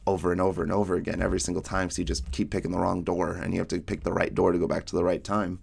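A man co-hosting a podcast, talking through a book in casual chat and rambling through retold scenes with quick quotes from the characters. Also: low voice, monotone, gravelly, a little mellow, husky. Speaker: podcast co-host.

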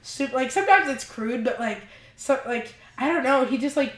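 A congested young woman, a podcast guest, rambling in casual chat and filling every pause with "like". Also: high voice, a bit bright. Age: young adult. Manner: rambling, says "like" constantly. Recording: echoey room.

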